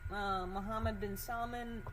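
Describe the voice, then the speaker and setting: A woman's voice: mid-range voice, steady tone, takes it slowly, noisy background. A woman podcast host in casual commentary, thinking aloud as she searches documents, curious and suspicious, with many fillers.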